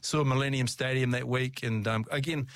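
A man's voice: mid-range voice, fairly even intonation, normal speed, fairly bright tone, no echo, studio quality. A middle-aged man, a former rugby player, chatting as an interview guest, telling stories with frequent laughs and restarts. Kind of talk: casual storytelling.

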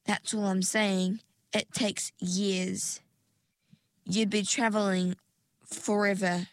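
Woman doing a calm, sensible girl. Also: medium pitch, takes it slowly, no room sound. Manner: calm, reasoning, matter-of-fact. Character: sensible, cautious girl, the heroine's friend. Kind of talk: storybook character voice.

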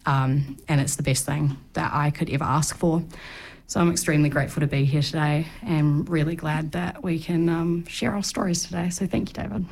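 A woman in her twenties telling her recovery story on a community radio show, candid and halting, with frequent pauses. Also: low voice, steady tone, vocal fry, a little mellow. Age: 20s. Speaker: guest sharing recovery story. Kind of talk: personal testimony on community radio.

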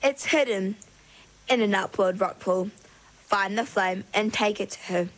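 A woman's voice: mid-range voice, unhurried, fairly bright tone, low-quality recording. A woman voicing insistent solemn Ninky.

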